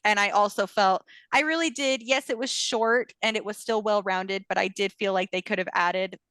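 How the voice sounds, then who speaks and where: A woman's voice: mid-range voice, moderate pace, a bit bright, no room sound. A woman co-hosting a podcast, chatting casually about fan fiction, acting out quotes and laughing often. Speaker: podcast co-host.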